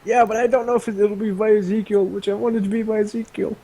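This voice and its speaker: A man narrating as game master of a tabletop game, casual and halting, with many pauses and ums. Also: sits high, little pitch movement, warm tone, husky.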